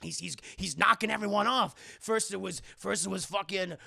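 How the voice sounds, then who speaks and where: A man playing a panicky old mobster who stammers, repeats himself and pushes his words out in a rush. The voice is gravelly and tense. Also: sits high, normal speed, pushed and bright, no room sound, clean studio sound, heavily acted. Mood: panicked. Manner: stammering, frantic. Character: panicky old male mob boss, stammering.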